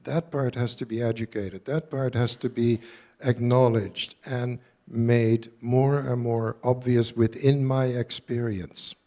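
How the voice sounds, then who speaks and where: A man's voice: medium pitch, steady tone, takes it slowly, dark tone. Earnest man in his seventies. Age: 70s. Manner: earnest, direct, quizzes listeners. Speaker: workshop speaker. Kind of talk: live talk to an audience.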